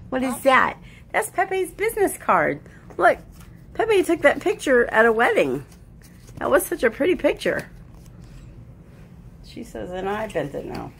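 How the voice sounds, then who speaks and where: Woman, home video on a handheld camera, lively up-and-down pitch, faint background noise. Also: vocal fry. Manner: laughing often, talking to pets and a baby in a sing-song voice. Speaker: dog owner filming her pets and toddler. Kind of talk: casual home video chatter.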